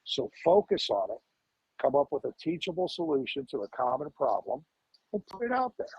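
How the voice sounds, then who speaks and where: A man's voice: fairly high pitch, sing-song, a little fast, gravelly, a little mellow, slightly rough, dry recording, low-quality recording. A man in his fifties, a fire lieutenant guest on a podcast, talking emphatically, repeating words and firing off rhetorical questions. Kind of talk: podcast interview.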